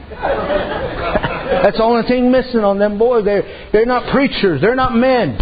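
A man's voice: extremely high pitch, takes it slowly, long pauses, dull audio, crowd noise. A man preaching a sermon, telling folksy stories and dropping frequent amens.

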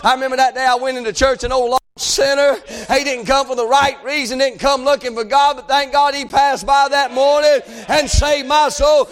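Male preacher, very high pitch, fervent shouting revival delivery. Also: steady tone. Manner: fervent, shouting, drawn-out phrases. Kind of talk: revival sermon.

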